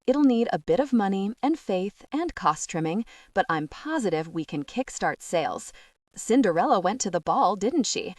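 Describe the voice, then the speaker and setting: A woman reading a first-person novel aloud as an audiobook narrator, expressive and rising into breathless worry. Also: medium pitch, normal speed, no echo, studio quality, recorded from a distance.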